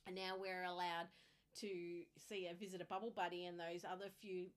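A woman's voice: fairly low pitch, flat delivery, normal speed. A woman chatting casually, telling blunt, candid stories with crude humor. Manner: frank, candid storytelling with crude humor and lots of laughter. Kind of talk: casual chat.

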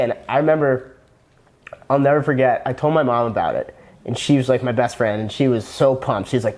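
A man's voice: medium pitch, fairly quick, darkish tone. A young man, a former personal trainer who became a copywriter, talking casually as a podcast guest, earnest and rambling with many restarts.

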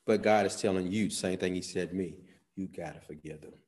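A man preaching a sermon, swinging from soft, quiet phrases to sudden loud, emphatic peaks. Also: sits low, brisk.

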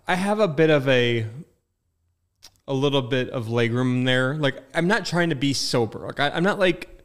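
A man co-hosting a casual podcast chat, stumbling over his words and joking in a deadpan way. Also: medium pitch, normal speed.

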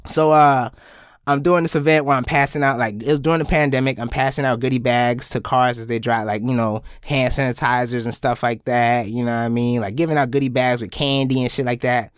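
A young man hosting his own podcast, telling a story in a casual, profane way and jumping into high-pitched bits. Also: fairly even intonation, a little fast, clean tone, no echo, clean studio sound. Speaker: podcast host.

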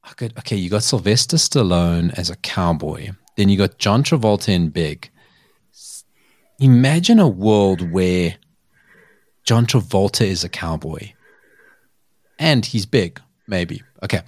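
Low-voiced podcast host. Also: male voice, lively intonation, measured pace, pauses often, no echo, clean studio sound. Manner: chatty storyteller, laughs often. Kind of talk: casual chat.

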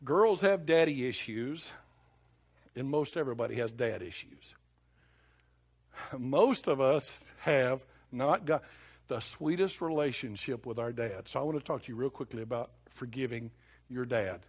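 Husky older preacher, folksy. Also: male voice, medium pitch, expressive, a little slow. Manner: folksy, conversational storytelling with sudden bursts of emphasis. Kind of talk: sermon.

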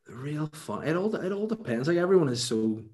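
A man's voice: on the high side, sing-song, a little fast, darkish tone. A young man with a Northern Irish accent, a stand-up comedian chatting casually in an interview, rambling with many restarts. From Northern Ireland.

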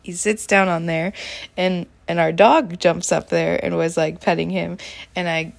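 A woman's voice: fairly low pitch, fairly even intonation, a little slow, vocal fry. A young woman talking candidly in a casual diary-style vlog, chatty, with lots of fillers and giggles. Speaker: vlogger.

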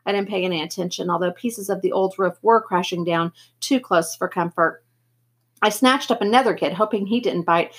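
A woman reads a novel aloud to a class in an expressive, narrative voice. Her pitch sits in an ordinary middle range. Now and then she trips over a word and starts the phrase again. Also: breathy edge. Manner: expressive reading with occasional slips and restarts. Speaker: teacher reading to students.

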